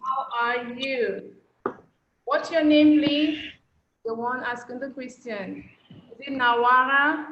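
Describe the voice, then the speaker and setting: A woman teaching a language class over a video call, patient and slowing down to model phrases. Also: high-pitched, noisy background. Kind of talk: online class instruction. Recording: echoey, dull lo-fi call audio.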